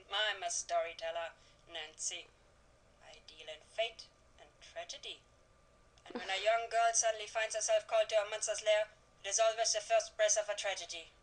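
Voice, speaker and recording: A woman's voice: medium pitch, natural voice, low-quality recording. A woman voicing an old female storyteller in a video game, with a put-on German accent and a theatrical, mysterious manner. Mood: ominous. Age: older. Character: old female storyteller, ominous and food-loving. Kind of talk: video game character acting.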